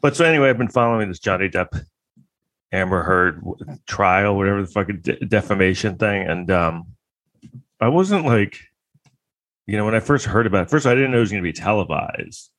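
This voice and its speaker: A man's voice: fairly low pitch, fairly quick, fairly bright tone, dry recording. A man delivering a comedic monologue in a crude, sarcastic, rambling way, full of fillers and restarts.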